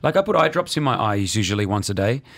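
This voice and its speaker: A man hosting a radio show in casual chat, animated and acting out quotes in other voices. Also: lowish voice, fast talker, creaky. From Lebanon. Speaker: radio host.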